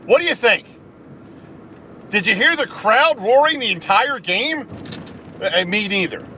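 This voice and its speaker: An angry man rants straight to camera, hammering his points over and over. His voice sits high and swings widely in pitch, with faint traffic noise outside behind him. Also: expressive, a little slow, bright, forceful tone. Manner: angry, emphatic, repetitive. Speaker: video blogger. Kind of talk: ranting sports commentary to camera.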